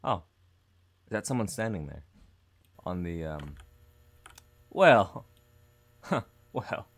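A man's voice: low-pitched, sing-song, takes it slowly. A young man commentating a horror game, reading dialogue aloud with nervous jokes and laughter. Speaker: gaming YouTuber.

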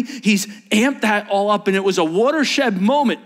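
Animated male preacher acting out scenes. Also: high-pitched, moderate pace, hardly any pauses. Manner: dramatic, acts out quoted disciples with shifting voices. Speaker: pastor. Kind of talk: sermon. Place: church.

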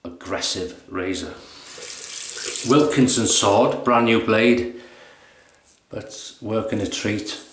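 A man casually narrating his shave in a relaxed, chatty, self-mocking way, recorded in his bathroom. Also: on the low side, slow pace, pauses often. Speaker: shaving vlogger. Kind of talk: casual narration while shaving. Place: bathroom at home. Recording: echoey bathroom.

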